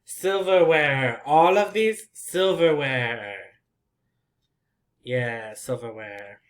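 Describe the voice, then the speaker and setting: Patient male language teacher, very slow and clear, repeats each word, soft chuckles. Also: medium pitch. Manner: patient, repeats words slowly, soft laughs. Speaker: English teacher. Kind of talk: slow, simple language lesson.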